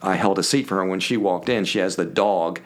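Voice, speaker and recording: An older man from Philadelphia tells stories as a podcast guest, in a casual, lively way. He acts out the people he quotes, and his voice sits slightly low. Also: a little fast. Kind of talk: casual storytelling.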